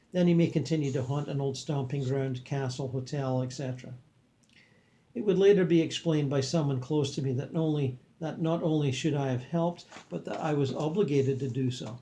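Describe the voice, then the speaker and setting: Man reading aloud and commenting, mellow, calm and earnest; middle pitch. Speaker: reader and commentator.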